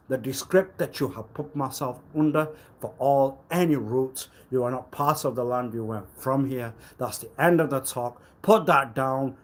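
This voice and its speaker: A man's voice: measured pace, hardly any pauses. Rambling, cryptic man on a live stream. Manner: rambling and cryptic, swinging between low mutters and loud bursts.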